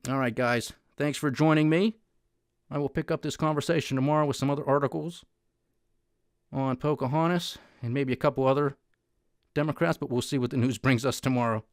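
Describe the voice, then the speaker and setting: A man's voice: medium pitch, steady tone, a little fast, dry recording, clean studio sound. A man hosting a political commentary podcast, ranting in a heated, emphatic way. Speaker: host.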